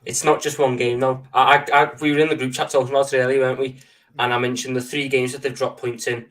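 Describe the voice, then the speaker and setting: A man's voice: medium pitch, flat delivery, fast talker, a bit bright, recorded from a distance. Firm-arguing man, away from the mic. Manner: firm, argues point by point. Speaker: football panelist. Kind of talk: casual chat.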